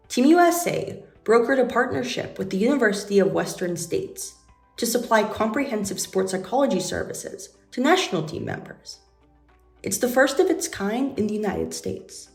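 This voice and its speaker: A woman reading scripted narration in a measured, formal way. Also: medium pitch, sing-song, creaky, a little mellow. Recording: roomy, distant voice-over with music.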